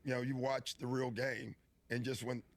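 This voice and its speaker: A man's voice: mid-range voice, level tone, normal speed, gravelly. A former basketball player telling stories in an interview, laughing as he talks. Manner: laughing storyteller.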